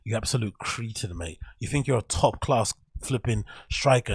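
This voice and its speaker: A young English man hosts his own show, ranting with plenty of swearing and frustration. His voice is gravelly and a little husky. The sound is dry and close. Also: mid-range voice, lively intonation, normal speed, hardly any pauses, dry recording. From England. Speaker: show host. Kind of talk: casual solo commentary.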